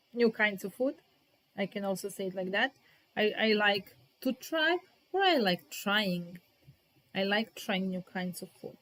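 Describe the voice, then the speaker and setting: A woman teacher giving a live grammar lesson, speaking, repeating example sentences slowly and talking to viewers in the chat by name. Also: medium pitch, a bit bright. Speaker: English teacher.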